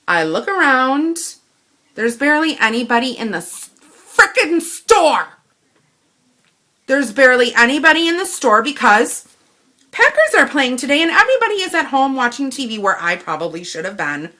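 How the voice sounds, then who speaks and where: A woman's voice: a little high, brisk. A woman from Wisconsin, telling a shopping complaint story and acting out both sides of the conversation. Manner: animated retelling, acting out both sides of the dialogue. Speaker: vlogger. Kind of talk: ranting story to camera.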